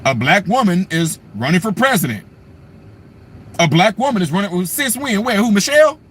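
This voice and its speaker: Animated, sarcastic high-voiced man. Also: moderate pace, slightly rough. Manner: animated, sarcastic, rambling, slangy. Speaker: commentary channel host. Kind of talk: livestream commentary.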